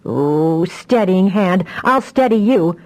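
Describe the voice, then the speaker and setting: A woman voicing a dramatic, quick-tempered young woman telepath in an audiobook. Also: on the low side, expressive, darkish tone. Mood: indignant.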